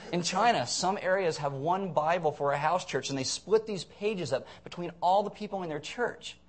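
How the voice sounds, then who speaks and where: A man's voice: high-pitched, moderate pace. A man preaching a conversational sermon, earnest with blunt, sarcastic asides.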